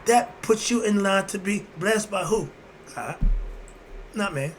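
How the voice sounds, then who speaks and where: A man's voice: high voice, lively intonation, measured pace, soft background music. A man giving a casual philosophical monologue, preachy and informal, asking questions and answering them himself and chuckling often. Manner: repeats "moving on" between points. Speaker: host.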